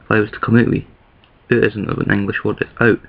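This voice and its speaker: A man's voice: fairly low pitch, level tone, fast, gravelly, slightly rough, muffled recording. A man from the east of Scotland with a Scottish accent, rambling and thinking aloud in a casual vlog, with many restarts. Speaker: vlogger. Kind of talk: casual talking-to-camera vlog.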